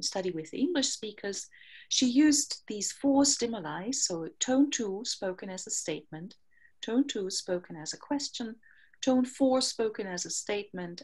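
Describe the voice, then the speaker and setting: A woman researcher giving an academic conference talk, explaining her lab's studies in a measured way with frequent fillers. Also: medium pitch. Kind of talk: academic lecture.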